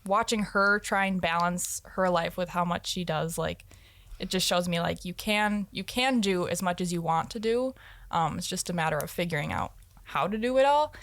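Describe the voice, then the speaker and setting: A woman's voice: lowish voice, normal speed, a bit bright, no room sound. A young woman, a recent graduate, talking casually as an interview guest with many fillers. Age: young adult. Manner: talkative, frequent "like" fillers.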